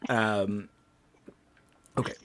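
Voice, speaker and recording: A man's voice: on the low side, steady tone, very slow, a bit bright, a little hiss or hum. A young man narrating as game master of a tabletop game, loose and laughing, with lots of fillers.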